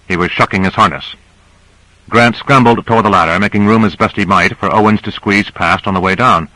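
A man narrating an audiobook in a measured storytelling manner. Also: lowish voice, sharp tone, no room sound, rough recording.

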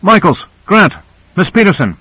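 A man's voice: a little high, animated, moderate pace, a bit bright, husky, no room sound, voice pushed up, rough recording. A man voicing a shaken male pilot speaking breathlessly, in an audiobook character voice. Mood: relieved, urgent. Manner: breathless, gasping.

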